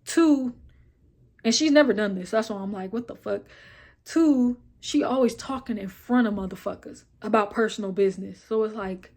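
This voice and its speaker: A young woman talks straight to camera in a casual vlog. Her voice sits at an ordinary middle pitch. She tells her story bluntly and with plenty of swearing, and she acts out each line of dialogue with lively energy. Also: moderate pace. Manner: blunt, profane and animated; retells scenes with quoted dialogue and filler like "boom, boom, boom". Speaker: vlogger.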